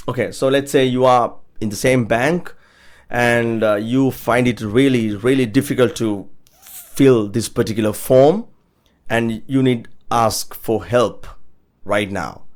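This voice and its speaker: An upbeat man teaches a spoken English lesson at a middle pitch. He says each everyday phrase slowly and repeats it so listeners can copy it. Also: animated.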